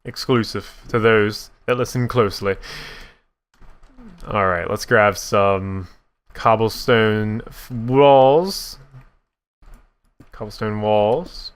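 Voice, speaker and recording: A young man giving casual, self-mocking commentary while he builds in a block game, with a deep voice that sometimes cracks. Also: slow, pauses often, clean tone. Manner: chatty, self-mocking, laughs at his own slips. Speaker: gaming YouTuber.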